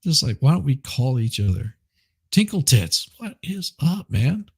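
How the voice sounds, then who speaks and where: A man's voice: mid-range voice, sing-song, unhurried, vocal fry, husky, no room sound, studio quality. A man hosting a live stream, rambling casually and chuckling as he reads chat. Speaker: livestream host.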